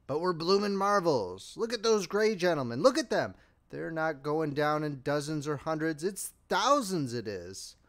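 A man voicing an astonished common soldier in a trench, bellowing in excitement. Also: a little high, normal speed. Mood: amazed excitement.

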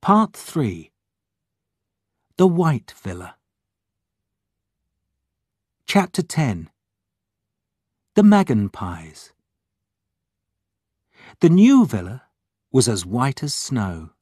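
Guy reading a kids' storybook slow, lots of ups and downs, dry close sound. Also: mid-range voice, wildly swooping pitch, darkish tone, slightly rough, no room sound. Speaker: reader. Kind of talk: storybook narration.

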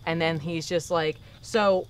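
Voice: medium pitch, steady tone, unhurried, slight background noise. A podcast host gives a casual recap of a comic book. The host tells the story with animation and drops into the characters' lines along the way.

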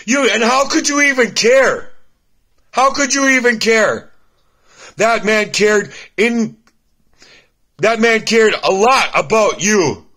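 A grown child confronting a cruel mother, as a man acts it out. He speaks slowly in a bright, tense voice that keeps rising into accusation. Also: extremely high pitch, exaggerated voice. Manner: accusing, raised voice. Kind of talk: acted confrontation in a personal video.

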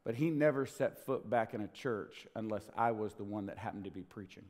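A middle-aged man preaching a sermon as pastor, swinging between hushed whispers and loud, impassioned bursts. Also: on the low side, fairly quick. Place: church sanctuary. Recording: long hall reverb.

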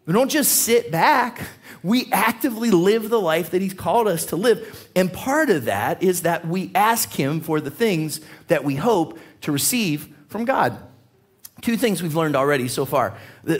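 A male pastor delivering a sermon in a church, his voice sitting somewhat high for a man. He is animated and conversational, laughing through his stories and repeating words as he builds toward a point. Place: church sanctuary.

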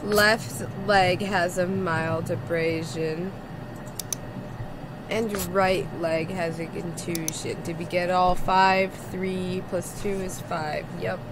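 A woman's voice: on the low side, flat delivery, slow pace, noisy background. A woman streamer commentating on a horror game, frightened, screaming and swearing as she plays. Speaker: gaming streamer.

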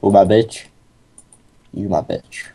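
A man's voice: lowish voice, takes it slowly, warm tone. A young man playing a game with a friend, teasing and sarcastic in casual chat. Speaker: co-host gamer.

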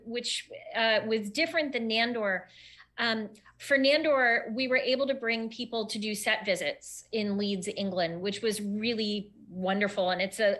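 A woman's voice: a little high, bright, forceful tone. A woman hosting a livestream, presenting in an upbeat, chatty way. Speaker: host.

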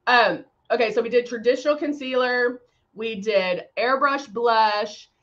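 A woman's voice: on the high side, unhurried, fairly bright tone, muffled recording. A woman hosting a casual live-stream makeup chat. She rambles, laughs often and reads out viewer comments. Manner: laughs often, many fillers. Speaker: makeup brand host.

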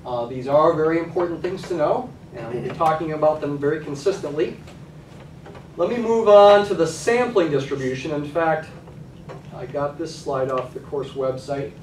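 A man's voice: on the high side, moderate pace, darkish tone, far from the mic, a little hiss or hum. Man lecturing in an echoey classroom. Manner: conversational, frequent "okay?" check-ins. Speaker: college statistics lecturer.

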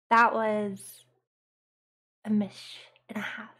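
A woman live-streaming a game, sleepy from little rest and reacting with strings of quick repeated exclamations. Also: mid-range voice. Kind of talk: live gameplay commentary. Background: loud game music.

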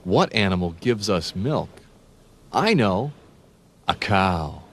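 Slow and deliberate, a man with a lowish voice teaches young children the names of animals. His delivery rises and falls in an animated, lively way as he spells out words letter by letter and pauses to ask the child questions. The pace is very slow and patient. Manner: asks the listener questions.

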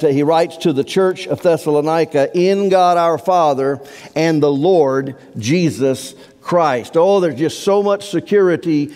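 A man's voice: a little high, mellow. Emphatic male pastor in a reverberant church. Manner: earnest, emphatic preaching with drawn-out key words. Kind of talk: sermon. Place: church sanctuary. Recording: long reverb of a church hall.

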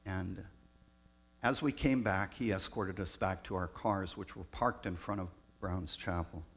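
Male pastor, low voice, gravelly, reflective storytelling sermon, faint mains hum. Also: steady tone. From Southern California, US. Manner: reflective, personal storytelling with pauses.

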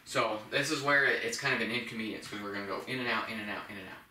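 A man who trains puppies, calmly explaining a training method step by step and softly praising the dog. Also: fairly low pitch, racing, slight background noise. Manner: calm, plain explaining, with soft praise to a puppy. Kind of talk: instructional demonstration. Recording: echoey room, mic at a distance.

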